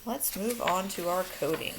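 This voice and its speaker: A woman teacher calmly walking through a phonics lesson in a recorded video, explaining step by step. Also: on the low side, moderate pace, noisy background. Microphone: recording her own video lesson.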